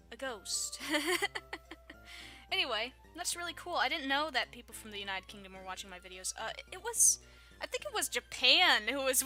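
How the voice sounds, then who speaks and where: Here the Southern-accented vlogger from Texas, in her twenties, keeps up her casual, giggly chatter with viewers, rambling and teasing herself. Her voice is high-pitched, bright and forceful.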